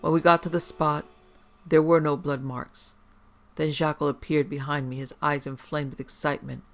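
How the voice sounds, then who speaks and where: A man reading a horror story aloud in a measured, grave way. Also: fairly high pitch, little pitch movement, a bit bright. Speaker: narrator. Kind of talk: scripted horror story narration. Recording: dull lo-fi.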